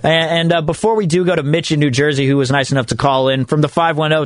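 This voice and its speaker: Chatty sports radio host man, bright voice. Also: on the high side, steady tone, quick pace, dry recording. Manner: chatty, rambling, frequent restarts. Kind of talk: sports talk show monologue.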